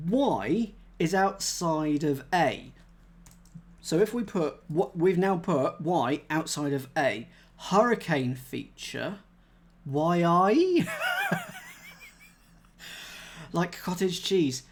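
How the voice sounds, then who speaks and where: A man's voice: on the high side, wildly swooping pitch, drawn-out words, long pauses, slightly rough. A man thinking aloud as he solves a cryptic crossword live, chatting with viewers and laughing at himself. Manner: chatty, reads chat aloud, self-mocking laughs.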